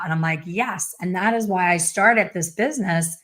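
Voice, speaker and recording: She's a hair color educator in her fifties whose casual live stream is blunt, chatty, and sassy, full of stories told in put-on voices. Her fairly bright, low-leaning voice moves at a moderate pace with few pauses.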